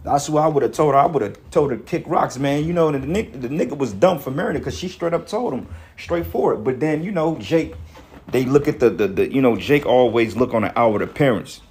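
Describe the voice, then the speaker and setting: A man's voice: mid-range voice, animated, a little fast, a little mellow. A man commentating on a video clip in an angry, profane rant, emphatic and full of restarts. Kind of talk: heated reaction rant.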